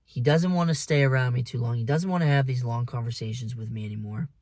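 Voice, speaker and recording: A man's voice: medium pitch, fast talker, darkish tone, no room sound, studio quality. A man talking in a casual, blunt monologue, swearing freely and preaching to the listener as "man" and "dude". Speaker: vlogger.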